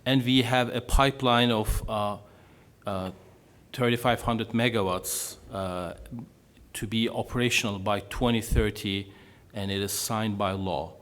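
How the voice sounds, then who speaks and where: A middle-aged man with a Turkish and Norwegian accent, presenting at a conference panel, halting with many fillers. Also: fairly low pitch, steady tone, fairly bright tone. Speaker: panelist presenting on offshore wind. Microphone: handheld or table microphone.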